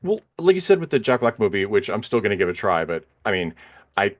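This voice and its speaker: A man's voice: lowish voice, sing-song, quick pace. A man co-hosting a film podcast, talking casually and rambling with frequent fillers and restarts. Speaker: podcast co-host. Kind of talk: casual film review chat.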